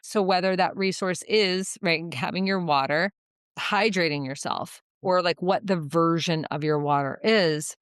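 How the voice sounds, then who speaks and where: A woman's voice: fairly low pitch, a little slow, smooth, no room sound, studio quality. A woman hosting a podcast conversation, affirming and emphatic, speaking frankly. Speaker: podcast host, therapist.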